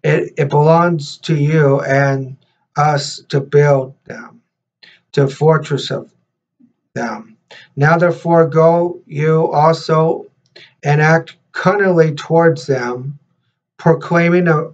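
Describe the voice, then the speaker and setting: A man, a minister and host, leading prayer and reading scripture in a halting way, repeating words with many fillers. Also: on the high side, fairly even intonation. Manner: reads scripture slower and louder. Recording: dull lo-fi recording.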